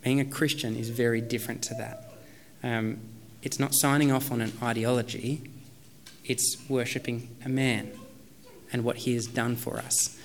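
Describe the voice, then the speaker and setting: A man's voice: mid-range voice, little pitch movement, normal speed, a little hiss or hum. A man in his thirties preaching a sermon as a pastor, in a casual, conversational way with many fillers.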